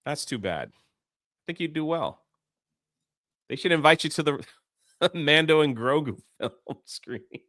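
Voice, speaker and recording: A man's voice: a little high, lively intonation, a little slow, pauses often, bright, forceful tone, no echo, clean studio sound. A man co-hosting a casual podcast chat in a playful, teasing way. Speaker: co-host.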